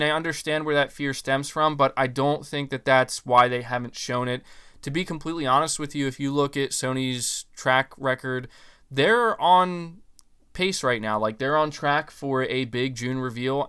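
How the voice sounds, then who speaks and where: Male podcast host, bright and smooth tone, animated and opinionated, chatty with fillers. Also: medium pitch. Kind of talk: casual podcast chat reading viewer comments.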